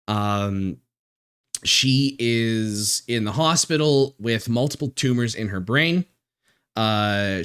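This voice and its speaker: A man streaming live, talking in a halting, emotional way with many restarts and swearing, close to tears. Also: medium pitch, a bit bright, clear, resonant tone. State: near tears. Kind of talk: casual live-stream chat.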